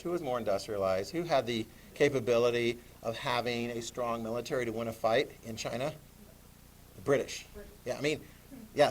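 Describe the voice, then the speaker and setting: A man in middle age lectures a class on history in a slightly high voice. He is animated, keeps throwing questions at his students, and slips into quick voices for the people he talks about. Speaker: history teacher.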